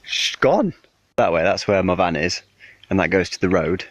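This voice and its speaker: A man's voice: deep voice, expressive, moderate pace, dry recording. A man vlogging from his camper van, rambling and nervous as he tells what happened. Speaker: van traveller filming himself. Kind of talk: casual vlog to camera. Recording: distant, dull lo-fi clip with music.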